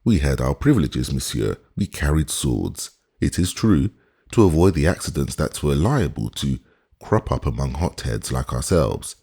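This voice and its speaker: A man voicing a proud, gossipy wig maker in an audiobook, theatrical and fawning, in a very deep, husky voice. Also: big pitch swings, moderate pace, dark tone, full character voice. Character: fussy old-regime male wig maker, proud and gossipy.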